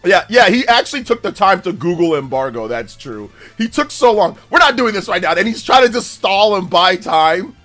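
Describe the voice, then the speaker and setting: A man hosting a live stream, chatting in an animated, mocking way with quick bursts of speech. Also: high voice, soft background music. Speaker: streamer host. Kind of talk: live stream commentary chat.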